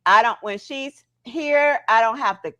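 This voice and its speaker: A woman's voice: fairly high pitch, a little slow, highs cut off. Chatty woman hosting a livestream. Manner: animated, talks to chat viewers directly; frequent "right?" and "okay?" tags. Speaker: livestream host. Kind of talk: casual livestream chat.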